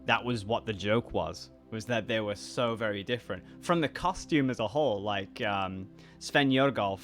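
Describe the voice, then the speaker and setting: A lowish, somewhat bright voice at a moderate pace belongs to a YouTuber and voice actor in his twenties with a mixed British and American accent. Soft music plays as he casually reacts to viewer comments, reading them aloud, rambling and restarting his sentences.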